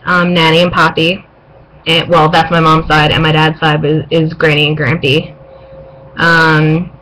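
Young woman, eastern US, sleepy late-night webcam vlog, low-ish voice, chatty with ums. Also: pushed and bright, a little hiss or hum, rough recording. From eastern United States. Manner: chatty with frequent um fillers. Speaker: vlogger. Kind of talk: casual vlog, word-list reading.

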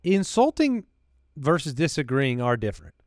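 A man's voice: mid-range voice, sing-song, moderate pace, dry recording, clean studio sound. A man co-hosting a comedy podcast, bantering casually and posing would-you-rather questions with a playful manner. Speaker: podcast co-host.

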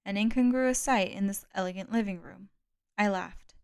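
A woman narrating a novel as an audiobook in a steady, measured reading. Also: mid-range voice, gravelly, clean tone. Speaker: audiobook reader.

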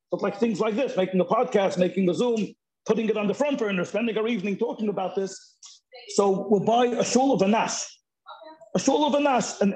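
High-voiced man talking on a video call. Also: a little mellow, poor audio. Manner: halting, restarts often, mixes in Yiddish and Hebrew terms. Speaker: Zoom discussion participant. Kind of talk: casual chat.

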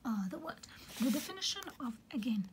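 A woman with a high voice lectures on poetry in a breathy, half-whispered voice. She explains slowly and patiently, repeating key terms, filling pauses with "okay" and correcting herself as she goes. A faint hiss sits under the recording. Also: sing-song, poor audio. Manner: corrects herself mid-sentence. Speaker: teacher.

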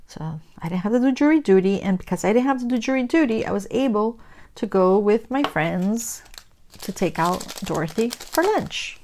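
A woman's voice: mid-range voice, a little mellow. Chatty middle-aged woman telling stories. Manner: chatty storyteller, acts out dialogue with big reactions. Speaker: craft vlogger. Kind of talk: casual chat while crafting.

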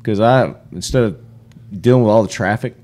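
A man hosting a podcast, introducing guests at a trade show in relaxed, casual banter. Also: on the low side, brisk. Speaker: podcast host.

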